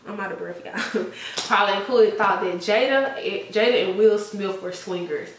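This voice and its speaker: Woman vlogger, chatty gossip, boomy echoey room, sits back from the mic. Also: normal speed, recorded from a distance. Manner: chatty, laughs often, trails off with "I don't know". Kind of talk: casual gossip chat.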